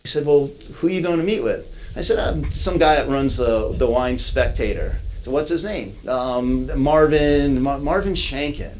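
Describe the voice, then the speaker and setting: A man's voice: medium pitch, moderate pace, a little hiss or hum, rough recording. A man from Connecticut giving a ceremony speech, telling a story with many restarts and repeated words. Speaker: event speaker. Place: outdoor ceremony.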